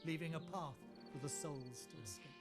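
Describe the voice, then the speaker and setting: Somber horror game storyteller, male actor, slightly high voice, distant under loud music. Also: normal speed, natural voice. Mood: ominous. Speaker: game narrator. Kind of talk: scripted horror narration.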